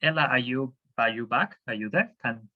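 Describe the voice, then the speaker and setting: A man's voice: mid-range voice, normal speed, narrow, tinny audio. A man teaching a class over a video call, hesitant, with many fillers and restarts. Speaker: Spanish teacher.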